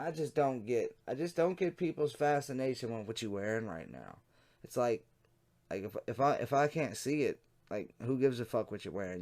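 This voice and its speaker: A man's voice: mid-range voice, darkish tone. A man giving casual commentary on chat logs in a blunt, sardonic way, swearing freely. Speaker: online commentator.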